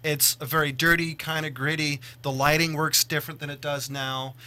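Brief: man, podcast host, very bright tone, keen, asks questions, slightly high voice. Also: flat delivery, normal speed. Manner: enthusiastic, steers talk with questions. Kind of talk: casual movie discussion.

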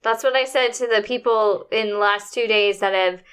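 A woman's voice: mid-range voice, fairly even intonation, moderate pace, a bit bright, clear, resonant tone. A woman in casual chat, agreeing often and adding her own stories. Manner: agreeable, frequent backchannel.

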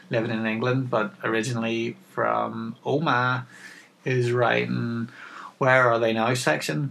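A man co-hosting a podcast over a remote call, his voice gravelly with fry. He swears freely and laughs easily in loose banter. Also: medium pitch, a bit bright, poor audio. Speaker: podcast co-host. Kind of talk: casual chat.

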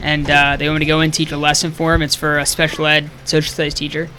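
Bright-voiced eager young man. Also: on the high side, monotone, quick pace, faint music behind. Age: young adult. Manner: eager, upbeat, repeats words. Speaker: camp counselor, new teacher. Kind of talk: casual interview chat.

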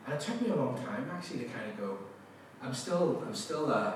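A male pastor giving a sermon, telling stories with lively acted-out quotes and laughter. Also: medium pitch, brisk, a little hiss or hum. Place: large church hall. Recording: echoey church hall from a distance.

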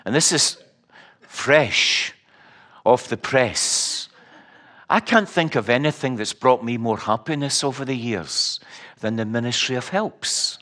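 A man's voice: mid-range voice, slow pace, pushed and bright. A middle-aged Scottish man preaching a sermon, telling stories with wry humor and emphatic repetition. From Scotland.

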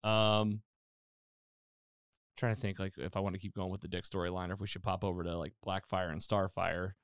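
A man's voice: low voice, fairly quick, clear, resonant tone, no echo, clean studio sound. A man hosting a casual chat, retelling a TV episode with lots of fillers and acted-out quotes. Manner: animated storytelling, acting out quotes, many fillers. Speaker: podcast host recapping a TV episode.

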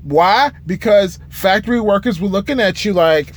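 A man's voice: high-pitched, normal speed. A young man from Michigan, a truck driver vlogging, ranting to camera in a profane, frustrated way and laughing often. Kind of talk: casual rant to camera.

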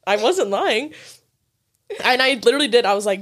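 A woman in her twenties co-hosting a podcast, telling a night-out story in casual, profane chat, laughing and saying "like" often. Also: a little high. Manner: fast, profane, laughing, filler-heavy "like". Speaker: podcast co-host.

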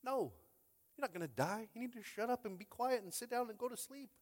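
Calm gentle jesus voice, kinda scolding softly, preacher man doing it, echoey hall. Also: very high voice, brisk, pitched above the performer's own voice. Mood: gently chiding.

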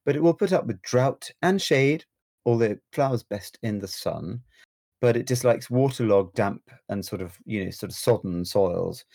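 Man, mid pitch, playful co-host delivering facts in easy podcast banter. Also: expressive, moderate pace, creaky. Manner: playful, warm chatter with laughs. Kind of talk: casual podcast chat.

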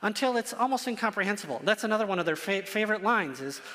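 A man's voice: sits high, animated, fast talker, bright, forceful tone, in a large hall. A man preaching a sermon to his congregation, earnest and emphatic, repeating phrases for stress. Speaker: pastor.

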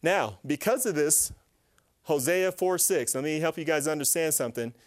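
A man giving an animated, faith-based teaching talk to a live group, asking them questions and acting out little voices. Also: a little high, normal speed. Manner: animated, asks the audience questions, acts out voices. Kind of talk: lively sermon-style teaching to a live group.

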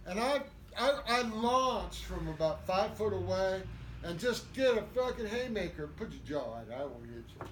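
An older man telling animated, profane stories as an interview guest, in a roomy recording with faint ambience. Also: high-pitched, a little slow, slight background noise. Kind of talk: storytelling interview. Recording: echoey room with faint ambience.

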